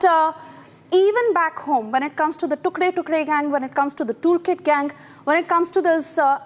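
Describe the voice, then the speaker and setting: A woman anchoring live TV news, introducing guests and reading breaking news in a brisk, emphatic manner. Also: high-pitched, big-room sound.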